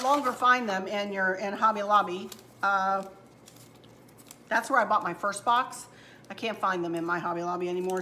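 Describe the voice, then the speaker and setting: Chatty woman with a bright voice. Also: mid-range voice, a little hiss or hum. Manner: chatty, homey, addresses viewers as y'all. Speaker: home decor channel host. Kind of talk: casual crafting demonstration. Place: at home, indoors.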